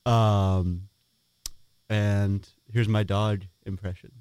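Low-voiced young man, dry and matter-of-fact. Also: little pitch movement, extremely slow, darkish tone, smooth. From Portland, Oregon. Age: 20s. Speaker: student radio co-host. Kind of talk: casual chat.

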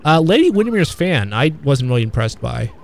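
A man in casual conversation about old films, talking in a halting, rambling way with many fillers and restarts. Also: mid-range voice, sing-song, gravelly. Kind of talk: casual film discussion.

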